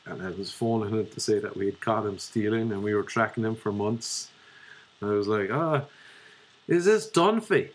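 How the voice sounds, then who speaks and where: A man's voice: on the low side, brisk. A young man with an Irish accent gives a profane, ranting comedic monologue as a vlogger. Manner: profane, ranting, animated storyteller.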